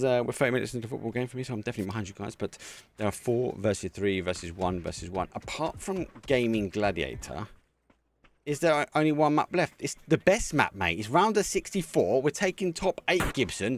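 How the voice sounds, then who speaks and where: A man casting a live esports match as a community caster, chatty and excitable, talking to viewers between plays. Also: medium pitch, a little fast, a little hiss or hum. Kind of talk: live community game commentary.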